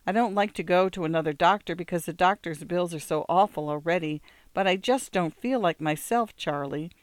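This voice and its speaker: A worn-down middle-aged wife speaking in a tired, plaintive way, as a narrator puts her on. The voice is smooth and clean, recorded close and dry. It fits a storybook reading. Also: medium pitch, a little fast, dry recording, close to an everyday voice. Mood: weary.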